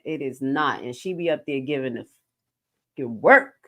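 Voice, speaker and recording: Lively woman livestream host. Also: very deep voice, moderate pace. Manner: animated, emphatic, jokey asides. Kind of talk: casual commentary livestream.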